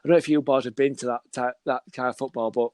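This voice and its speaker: A man's voice: mid-range voice, fast talker, dry recording. A man, chatting casually as a football scout and acting out little conversations as he tells stories. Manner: animated storyteller, acts out dialogue. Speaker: football scout, podcast guest. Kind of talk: casual chat.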